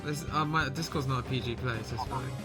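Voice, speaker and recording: A man chatting casually over a livestream, laughing easily and swearing without a second thought. Clear game music plays under his voice. He speaks at an ordinary middle pitch. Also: a little fast. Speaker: streamer. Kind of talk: casual chat while playing.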